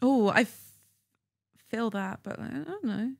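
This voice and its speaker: A young woman guesting on a podcast, chatting casually and giggling often between quick asides. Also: fairly high pitch, expressive, vocal fry. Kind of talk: casual chat.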